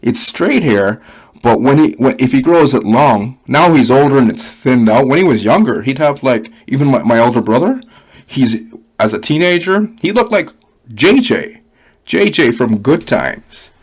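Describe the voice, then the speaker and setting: A man's voice: medium pitch, expressive, normal speed, slightly rough. A man with a Canadian accent, from Canada, giving a blunt, rambling, profane unscripted rant with many fillers. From Canada (Ottawa, Ontario). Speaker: online money reviewer.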